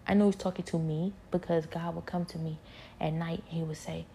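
Woman rambling through her spiritual testimony, gravelly low voice, keeps going soft and whispery. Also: flat delivery, a little fast, slight background noise. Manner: soft-spoken, often trailing into whispers; rambling, many fillers and repeats.

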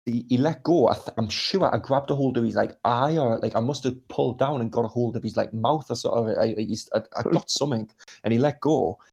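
A man's voice: mid-range voice, brisk, darkish tone. A young man casually telling a rowdy anecdote, swearing a lot and acting out quotes. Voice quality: gravelly, husky. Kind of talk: casual storytelling chat.

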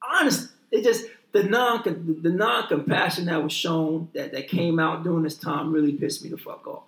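A man talks in heated casual chat, swearing freely and hammering his points by repeating and restarting his words. His voice sits high for a man. The sound is roomy, with plenty of echo around him. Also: moderate pace, a bit bright. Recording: roomy echoing room.

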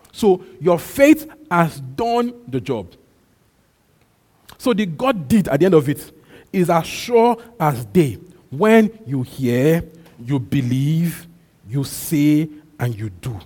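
A man's voice: on the high side, sing-song, slow, darkish tone, breathy edge. Man preaching in a reverberant hall. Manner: emphatic preaching with repetition and call-and-response. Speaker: pastor. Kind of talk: sermon. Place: church.

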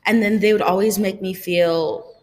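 A woman's voice: medium pitch, steady tone, moderate pace, darkish tone, in a large hall. A woman speaking as a podcast guest in a chatty, upbeat way, using lots of fillers. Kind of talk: casual conversation.

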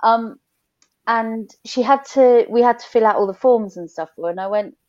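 A woman's voice: medium pitch, moderate pace, darkish tone, muffled recording. A woman in her thirties, chatting openly as a podcast guest and telling stories with laughter. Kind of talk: casual chat.

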